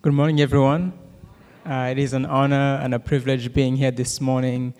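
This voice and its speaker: A man in his thirties from Rwanda with a Rwandan accent gives a church testimony and prayer, talking fast with many "uh" fillers and jokes with the audience. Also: mid-range voice, flat delivery, darkish tone. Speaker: guest speaker giving a testimony. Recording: long hall reverb.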